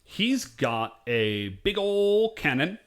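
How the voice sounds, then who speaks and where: A man co-hosting a podcast, chatting loosely through an episode recap. His voice sits a little high and swings widely in pitch. He rambles and drops quoted asides as he goes. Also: sing-song, slow, fairly bright tone, clear, resonant tone. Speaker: podcast co-host. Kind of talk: casual episode recap chat.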